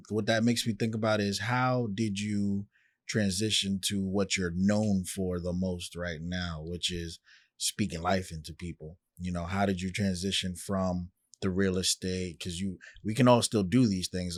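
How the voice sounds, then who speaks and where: A man hosting a podcast interview who asks calm, measured questions. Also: sits low, no room sound, studio quality. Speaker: podcast host. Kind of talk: interviewer asking questions, with short backchannels.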